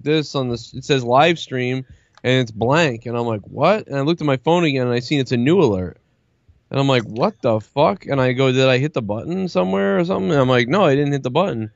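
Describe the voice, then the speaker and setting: A man talking casually on a stream, telling a long story and swearing often as he quotes what people said to him. His voice sits at a middle pitch. It comes through a dry, dull, lo-fi mic. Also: dry recording. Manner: profane, rambling storytelling with lots of quoting. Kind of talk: casual chat.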